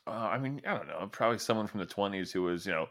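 Bright-voiced joking podcast guy. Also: lowish voice, animated, very fast. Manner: joking, rambling, trails off mid-thought. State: married. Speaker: podcast co-host. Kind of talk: casual sports podcast banter.

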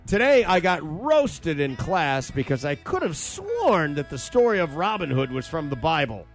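Animated joking man with music behind. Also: on the high side, normal speed. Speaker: radio show host reading listener stories. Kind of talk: casual banter.

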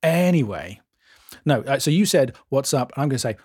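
Husky-voiced Englishman explaining slowly. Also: mid-range voice, animated, darkish tone, no echo. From England. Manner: dry, self-deprecating, explains slowly and deliberately. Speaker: co-host, mastering engineer. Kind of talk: casual podcast chat.

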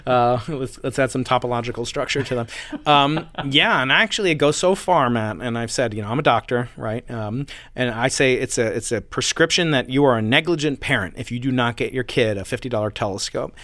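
A man being interviewed as a guest scientist, answering eagerly with jokes and quick restarts. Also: medium pitch, a bit bright, no room sound. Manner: enthusiastic, jokey, with restarts.

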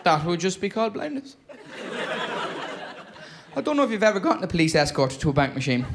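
High-voiced Irish comedian on stage. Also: male voice, very animated, background noise. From Ireland. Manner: quick storytelling, punchy delivery, acts out exchanges. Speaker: stand-up comedian. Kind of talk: stand-up comedy routine. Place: comedy stage before a live audience.

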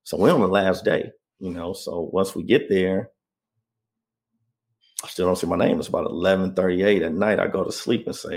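A man's voice: deep voice, fairly even intonation, normal speed, darkish tone. A man as an interview guest, telling his personal story in a conversational way and often checking in with the listener. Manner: conversational, often adds "you know what I mean".

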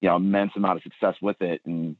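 A man's voice: deep voice, level tone, quick pace, dry recording. A man who coaches football, speaking casually with lots of "you know" fillers. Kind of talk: casual conversation. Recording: tinny dry phone line.

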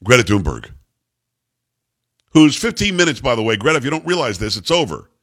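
A man's voice: medium pitch, sing-song, brisk, a bit bright. A man hosting a talk radio show, reading news items aloud and mocking them in a combative, sarcastic way. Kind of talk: opinionated talk radio monologue.

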